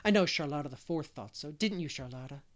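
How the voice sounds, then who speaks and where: A man reading aloud, voicing a lively middle-aged unmarried woman who loves make-believe and gushes over her guests. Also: a little high, fast, close to an everyday voice. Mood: chatty. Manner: gushing, fond of make-believe. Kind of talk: storybook character reading.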